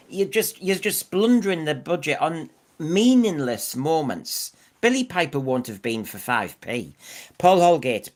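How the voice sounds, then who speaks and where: A man's voice: on the high side, sing-song, a little slow, fairly bright tone. A man co-hosting a podcast, opinionated and fond of rhetorical questions in casual discussion. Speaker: podcast co-host.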